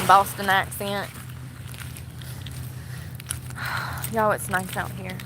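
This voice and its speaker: A woman's voice: medium pitch, lively intonation, extremely slow, pauses often. A young woman from North Carolina, rambling casually to her phone camera for a vlog. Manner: chatty, rambling, laughs often. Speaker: vlogger. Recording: outdoor noise with boat and water sounds.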